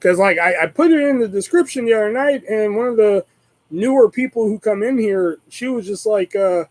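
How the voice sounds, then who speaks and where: A man's voice: high-pitched, moderate pace, darkish tone, low-quality recording. A man hosting a live stream, chatting casually in a rambling way and swearing constantly.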